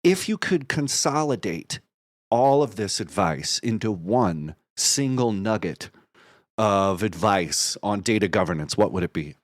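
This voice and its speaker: A man's voice: fairly low pitch, expressive, measured pace, no room sound, clean studio sound. A man hosting an interview, playful and enthusiastic, heaping praise on his guest. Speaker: podcast host. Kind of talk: casual interview chat.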